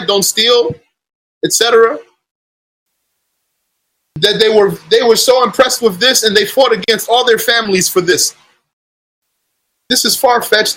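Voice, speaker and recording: A man delivers a religious lesson in a high voice. He argues point by point, voicing his opponents' claims before answering them. His tone is bright and clear, and he recites scripture in Arabic before translating it. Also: poor audio. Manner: argumentative, quotes opponents then rebuts them. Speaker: religious teacher. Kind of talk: lecture on belief.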